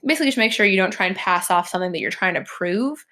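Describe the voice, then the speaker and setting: A woman's voice: mid-range voice, lively intonation, quick pace, pushed and bright. A young woman, teaching a recorded lesson in a chatty way, with many "like" and "um" fillers. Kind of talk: recorded classroom lecture over slides.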